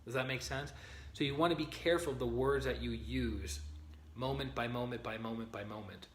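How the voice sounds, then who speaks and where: A man's voice: mid-range voice, a little fast, a little hiss or hum. A man giving a live-streamed spiritual teaching, earnest and often checking in with his listeners. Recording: roomy echo.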